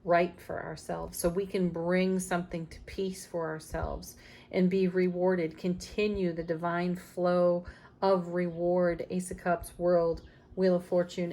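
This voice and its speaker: A woman's voice: fairly low pitch, darkish tone, a little hiss or hum. A woman giving a daily tarot reading, speaking emphatically with spiritual encouragement and small laughs. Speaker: tarot reader.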